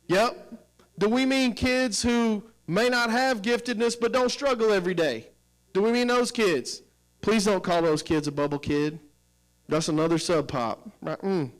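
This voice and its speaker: High-voiced man leading a staff workshop. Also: rough recording. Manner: energetic, questioning, coaxing the audience. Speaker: professional development presenter. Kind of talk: teacher training workshop.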